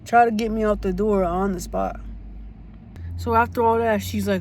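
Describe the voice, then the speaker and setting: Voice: mid-range voice, steady tone, moderate pace, long pauses, a little mellow, a little hiss or hum. A casual storytime vlogger who tells a story bluntly and indignantly, swears freely and repeats points for emphasis.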